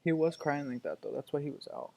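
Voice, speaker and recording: A man, chatting casually on his vlog at home while cooing to his dog in soft baby talk. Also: a little high, quick pace, creaky. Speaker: vlogger.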